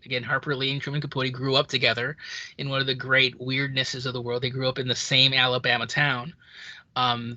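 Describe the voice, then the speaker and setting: Bright, dry-sounding podcast co-host. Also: medium pitch, no echo. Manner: animated storyteller, acts out quoted lines. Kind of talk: casual film chat.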